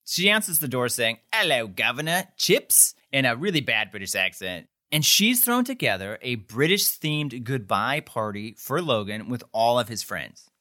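With a medium pitch and big swings up and down, he speaks at a normal speed with few pauses, his tone pushed and bright. He's a podcast co-host casually going over a TV episode, rambling, saying "like" a lot, and acting out lines.

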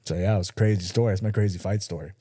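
A man in his thirties, a podcast co-host, telling a story in casual chat, animated and swearing, acting out the voices of the people he quotes. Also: low-pitched, rapid-fire, breathy edge, no room sound, studio quality.

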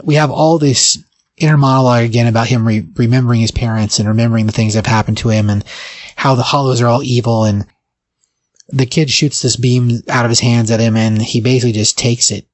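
A man co-hosting a podcast, casually retelling a comic's plot in a rambling way full of fillers. His voice sits at an ordinary pitch. The sound is close and dry, with no room echo. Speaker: podcast co-host. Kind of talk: casual comic book recap.

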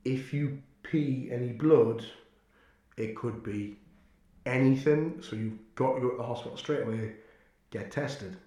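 A man's voice: medium pitch, unhurried, mellow. A young man and podcast co-host telling a story in casual, blunt, swear-heavy chat. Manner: crude, blunt, swears a lot. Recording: echoey room.

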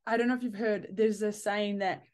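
A woman hosting a casual interview, animated and laughing, acting out the lines she quotes. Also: mid-range voice, brisk. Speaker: host.

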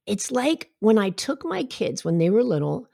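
A woman's voice: medium pitch, sing-song, moderate pace, gravelly, warm tone. A middle-aged woman giving a heartfelt, reflective personal talk and telling stories with asides. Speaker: self-help speaker.

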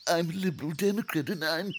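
A woman's voice: fairly low pitch, fast, a little hiss or hum, close to an everyday voice. A woman voicing a timid, cowardly man with a nervous, quavering, giggly manner. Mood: fearful. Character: timid cowardly man who lost his courage.

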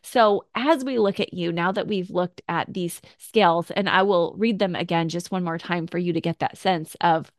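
Low-voiced woman, dry close sound. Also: moderate pace, hardly any pauses, dry recording. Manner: reflective, conversational, acts out quoted thoughts. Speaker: podcast host. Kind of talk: casual teaching talk.

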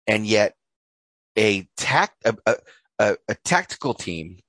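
Animated swearing man from Idaho. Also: on the low side, slow pace, no echo. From North Idaho. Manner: animated, swearing, laughing often. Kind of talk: casual political chat.

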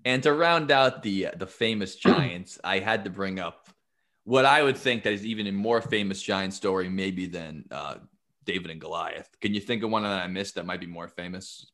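A man's voice: deep voice, normal speed, fairly bright tone. A man hosting a podcast, retelling myths in a jokey, rambling casual way. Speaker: podcast host. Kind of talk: casual storytelling.

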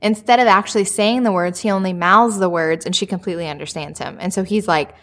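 A woman in casual chat, retelling a story in an animated way with lots of "like" and acted-out quotes. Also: medium pitch, quick pace. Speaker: book discussion co-host.

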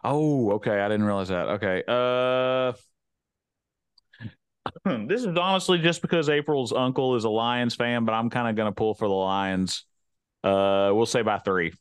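A man's voice: mid-range voice, a little slow, clean tone, no echo. A man co-hosting a casual sports podcast, easygoing, laughing often and repeating himself. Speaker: podcast co-host.

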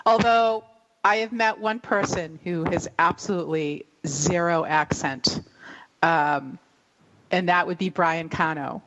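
A female radio host chats casually and laughs often. She speaks slowly at a middle pitch. Her voice carries a long reverb on a dull recording. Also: a bit bright. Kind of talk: casual chat.

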